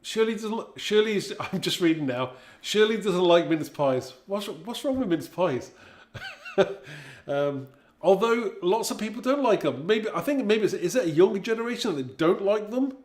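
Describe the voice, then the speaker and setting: A man's voice: high voice, lively intonation, normal speed, roomy sound. A man in his fifties from Britain, hosting a live craft stream in a casual, chatty way, reading viewers' comments aloud and laughing often. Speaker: craft livestream host.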